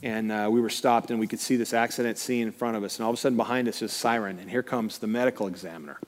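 A man's voice: on the low side, fast talker. A middle-aged man, preaching as a guest speaker and acting out the voices in his stories. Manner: animated storytelling, acting out quoted voices. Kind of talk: sermon. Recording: long hall reverb.

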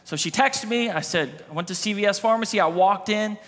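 Man in his thirties, pastor, high bright voice, long reverb of a big church hall. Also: fairly quick. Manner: animated storyteller acting out dialogue. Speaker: campus pastor. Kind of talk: sermon with a comic personal story.

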